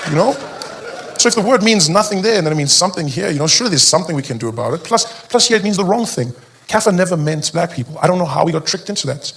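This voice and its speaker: A man's voice: fairly high pitch, animated, very fast, gravelly, fairly bright tone, slight background noise. A South African man doing a stand-up comedy set on stage, rambling and self-interrupting with a playfully provocative edge. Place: comedy stage before a live audience.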